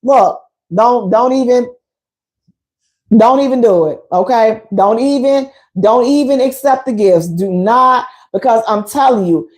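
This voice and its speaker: A woman hosting a radio show, talking frankly and colloquially to her listeners with a sassy, animated, preachy delivery and dramatic emphasis. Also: a little high. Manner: colloquial, addresses listeners directly. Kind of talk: frank relationship talk to a live audience.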